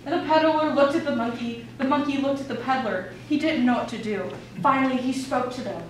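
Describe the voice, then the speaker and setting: A woman reading a children's story aloud in class with an expressive, playful manner. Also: fairly high pitch, moderate pace, few pauses. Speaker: student storyteller. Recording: echoey room, far mic, background noise.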